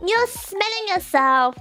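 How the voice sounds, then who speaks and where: A woman's voice: very high voice, sharp tone. A woman streamer chatting casually and reading viewer comments, giggly and playful with sudden squeals.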